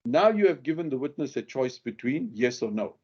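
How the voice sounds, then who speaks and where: This man's medium-pitched voice is very animated and a little fast, with a darkish tone and a breathy edge, captured in lo-fi sound. He's a legal skills instructor giving a lecture on courtroom questioning, acting out the example questions and stressing the key words forcefully.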